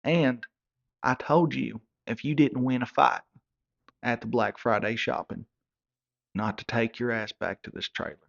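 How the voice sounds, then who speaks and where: A fed-up country mother with a drawl lays down the law bluntly, as a gravelly-voiced man puts her on. Her voice is gravelly and a little raised, coming through a dull, lo-fi recording. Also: medium pitch, steady tone, measured pace. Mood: scolding. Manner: blunt, scolding.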